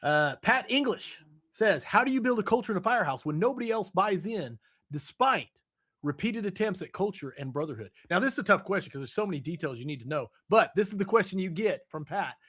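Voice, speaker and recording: A man's voice: high-pitched, lively intonation, fairly quick, fairly bright tone, husky. A man hosting a podcast, enthusiastic and casual, reading out listener questions while getting over an illness. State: recovering from illness. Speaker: podcast host.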